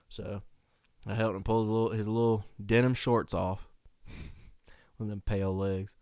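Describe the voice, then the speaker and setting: Young male podcast host, animated and slangy, with a smooth tone and close, dry mic sound. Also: fairly low pitch, normal speed, no echo. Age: young adult. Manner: animated, slangy, laughs often. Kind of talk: casual storytelling.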